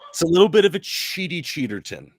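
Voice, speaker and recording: A man co-hosting a podcast in casual chat, animated and profane, slipping into mocking voices. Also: a little high, fast talker, creaky, dry recording. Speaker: podcast co-host.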